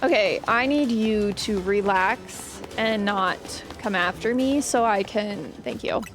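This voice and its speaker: A woman's voice: medium pitch, slow, music in the background. A woman hosting a casual gaming video, chatty and playful as she talks through her play and tells stories about her cat. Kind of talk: casual gameplay commentary.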